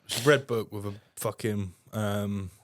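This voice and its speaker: A man's voice: on the low side, fairly even intonation, unhurried, noisy background. A young man, a podcast guest, telling rambling anecdotes in casual talk and swearing heavily. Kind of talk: casual storytelling.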